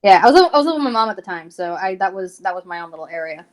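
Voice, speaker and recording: A woman's voice: medium pitch, very animated, quick pace. Rambling young woman guest. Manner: rambling, many fillers and restarts. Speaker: podcast guest, fan artist. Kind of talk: casual interview chat.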